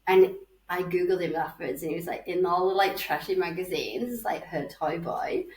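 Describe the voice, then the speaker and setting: A woman's voice: on the low side, normal speed, a little mellow. A woman in her forties with a Northern English accent, telling a dating story as a podcast guest in a chatty, sweary way. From Northern England. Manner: chatty, swearing, acts out voices. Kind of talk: casual chat, storytelling. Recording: roomy, slightly distant mic.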